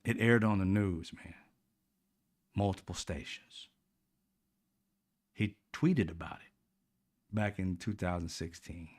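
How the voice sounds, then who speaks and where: A man's voice: slow, long pauses. A man hosting a political commentary show, ranting casually in a profane, exasperated, mocking way. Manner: swings from loud and high to low and quiet.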